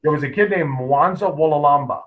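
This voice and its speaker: A man, a wrestling coach, telling stories in a casual interview, lively and full of quoted dialogue. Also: a little high, brisk, crowd noise. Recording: muffled lo-fi podcast audio.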